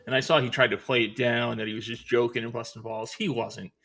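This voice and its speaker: Gravelly, blunt male co-host. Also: medium pitch, little pitch movement, quick pace, a bit bright. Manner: blunt, needling. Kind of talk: casual chat.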